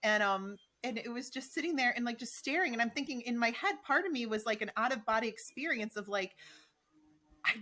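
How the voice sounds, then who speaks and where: Bright-voiced woman podcast co-host. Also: a little high, fairly quick. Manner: animated storyteller acting out quoted lines. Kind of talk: casual podcast chat.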